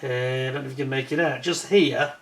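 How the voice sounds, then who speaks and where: Bright-voiced chatty British-born man. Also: medium pitch, steady tone, fast. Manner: chatty, rambling, self-correcting, indignant when retelling complaints. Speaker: vlogger. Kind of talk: casual storytelling over photos.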